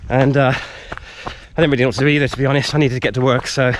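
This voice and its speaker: Vlogging in the woods, a man speaks quickly at a medium pitch, with a little hiss or hum in the audio. He's slightly winded from running and retells a story casually and rambly, using lots of fillers.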